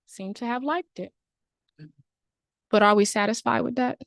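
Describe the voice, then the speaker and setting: Animated woman giving a playful talk. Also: on the high side, a little slow, gravelly, no room sound, studio quality. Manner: animated storytelling, addresses audience. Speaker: presenter. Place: conference venue.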